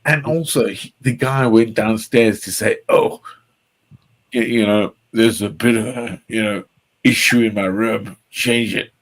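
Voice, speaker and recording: Low-voiced rambling man. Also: unhurried, fairly bright tone. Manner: rambling, repeats words, says "man" a lot. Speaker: podcast co-host. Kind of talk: casual chat.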